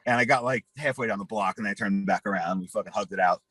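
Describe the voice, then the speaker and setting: A husky man in his forties, telling rambling, profane stories as an interview guest and acting out the voices in them. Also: on the low side, fast, sharp tone, no echo. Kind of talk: casual storytelling.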